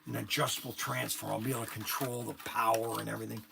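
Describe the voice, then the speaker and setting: A man's voice: on the low side, flat delivery, very fast, gravelly, voice pushed down. A man playing a grown man who murmurs in awe over a slot car set, in a whispered role-play. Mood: low wonder. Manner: hushed, awestruck murmuring.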